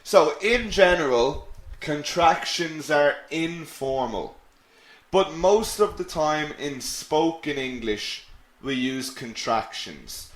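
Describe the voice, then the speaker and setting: Male English tutor, patient and unhurried, echoey room audio; webinar teacher read. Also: fairly high pitch, animated. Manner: patient, explanatory, reads out learner questions. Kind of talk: live webinar lesson.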